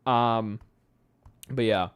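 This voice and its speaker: A man's voice: fairly low pitch, very slow, clean tone, no room sound. Tired rambling male streamer. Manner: rambling, chatty, laughs often, restarts sentences. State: tired late at night. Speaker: YouTube channel host. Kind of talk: casual live-stream chat.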